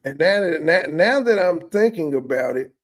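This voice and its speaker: A man's voice: a little high, animated, moderate pace. A man hosting a reaction commentary, talking in a profane, mocking way as he rants. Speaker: commentary host.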